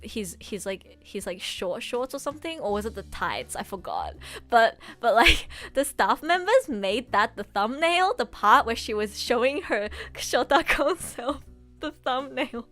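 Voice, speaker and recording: A young woman streamer and voice actress chatting casually and gushing excitedly, laughing often. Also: on the high side. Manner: gushing, excitable fan talk with frequent laughs.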